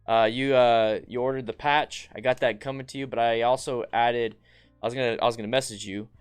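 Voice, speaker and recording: A motorcycle channel host chats casually on a relaxed live stream, reading viewer comments aloud and answering them as if talking with friends. His medium-pitched voice is smooth and clear, runs a little fast, and breaks into sudden bursts of excitement. Faint music plays in the background.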